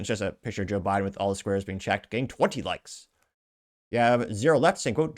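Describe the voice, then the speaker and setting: A man's voice: lowish voice, normal speed. A man hosting a casual commentary show, reading viewer comments aloud with a sarcastic edge. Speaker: show host.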